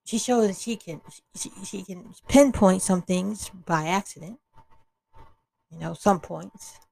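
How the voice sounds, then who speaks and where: A woman's voice: mid-range voice, measured pace, vocal fry, a little mellow, breathy edge, low-quality recording. A woman hosting an opinion podcast, talking bluntly and with exasperation, often restarting her sentences. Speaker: podcast host.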